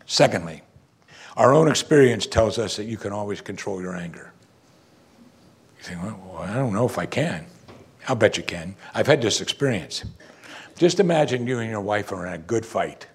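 A man's voice: on the low side, lively intonation, normal speed, slightly rough. A man preaching a sermon as a pastor, talking in a conversational way and asking his listeners rhetorical questions.

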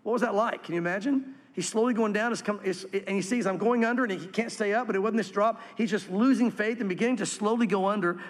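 A man preaching a sermon as pastor, earnest and swinging from animated to hushed. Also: high-pitched, quick pace, few pauses, big-room sound.

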